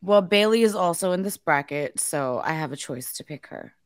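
A woman with a fairly low but very lively voice co-hosts a casual podcast, blunt and openly opinionated with plenty of swearing. Her pitch swings widely, and the sound is dry and close. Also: normal speed, smooth, no room sound. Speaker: podcast co-host. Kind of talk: casual chat.

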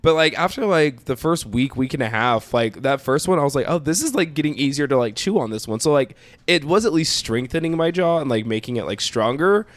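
A man's voice: mid-range voice, animated, a little fast. A man co-hosting a casual podcast chat, rambling with lots of filler words and laughing often. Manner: rambling, heavy use of "like"; laughs often while talking. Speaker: podcast co-host.

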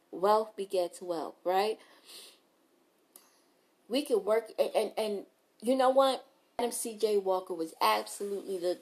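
A woman giving an unscripted motivational talk, blunt and emphatic, repeating her key phrases and swearing freely. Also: medium pitch. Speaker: motivational speaker.

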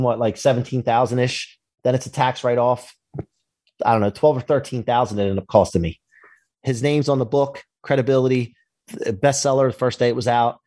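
A man telling a personal business story in a casual interview, animated and acting out the dialogue. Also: mid-range voice, dry recording, studio quality. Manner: animated, acts out quoted dialogue, swears casually. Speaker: podcast guest, entrepreneur.

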